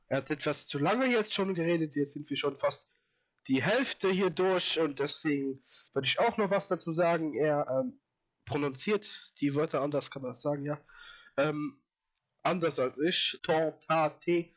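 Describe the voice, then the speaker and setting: A man with an ordinary mid-range voice talks casually over a video he is reacting to. He hesitates often and stumbles through his thoughts with plenty of fillers. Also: mid-range voice. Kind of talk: casual commentary.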